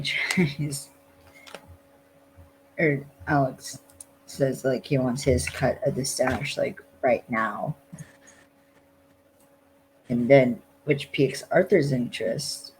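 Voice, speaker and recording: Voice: medium pitch, a little hiss or hum, poor audio. A podcast co-host in casual chat, retelling things loosely with many "like" fillers.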